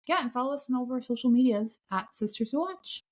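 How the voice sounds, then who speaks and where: A woman's voice: fairly high pitch, animated, fast talker. Upbeat woman podcast host. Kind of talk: casual chat.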